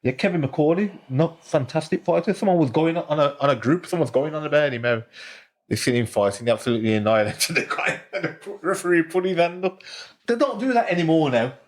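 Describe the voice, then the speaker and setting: A man's voice: fairly high pitch, fast. Black Country man, ex-boxer guest; easygoing chatter, leans on "you know". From Smethwick, Black Country, England. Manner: chatty, repeats phrases, many "you know"s. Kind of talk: casual podcast chat.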